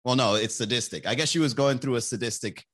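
This time the podcast host sounds medium-pitched, quick and a bit bright. His casual monologue is a rambling, crude story, punctuated by frequent laughter and his own renditions of what others said.

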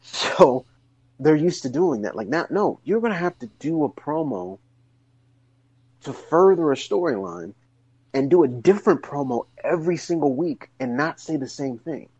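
A man's voice: normal speed, breathy edge, no echo, muffled recording. A man co-hosting a casual podcast, talking animatedly and rambling through long questions. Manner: animated storyteller, rises high when excited. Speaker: wrestling podcast co-host.

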